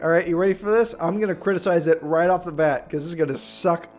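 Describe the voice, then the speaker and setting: Excitable young male streamer reading stories. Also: on the high side, fast, soft background music. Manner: jokey, excitable asides. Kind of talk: reading viewer stories aloud on a live stream.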